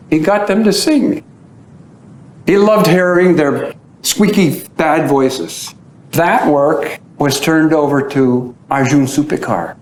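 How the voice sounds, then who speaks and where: A man giving a storytelling talk, acting out the voices of the people he describes. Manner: animated storyteller who acts out quoted voices. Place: at the site being described. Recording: roomy echo with faint low rumble.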